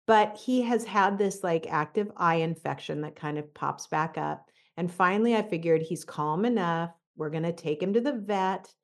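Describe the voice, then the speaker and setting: Chatty middle-aged woman career coach. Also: lowish voice. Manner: animated, chatty storyteller with casual fillers. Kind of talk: motivational talk with a personal story.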